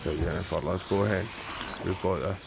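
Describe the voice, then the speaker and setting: A man's voice: sits low, fairly even intonation, brisk, creaky, background noise. A Scottish man streaming a game live, chatting away and getting frustrated, calling his viewers mate and bro. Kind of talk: live gameplay commentary.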